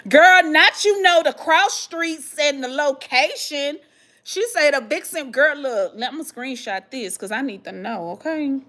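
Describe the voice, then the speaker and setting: A woman. She reads their comments aloud and answers each one in casual chat. Her retellings get dramatic, animated and full of slang. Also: high voice, unhurried. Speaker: vlog host answering viewer questions.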